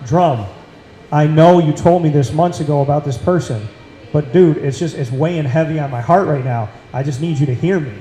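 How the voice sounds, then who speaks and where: A man's voice: a little high, normal speed, warm tone. A man hosting a casual talk show with a Central New York accent, speaking in an earnest, emphatic way and repeating phrases for weight. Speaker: podcast host. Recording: echoey room.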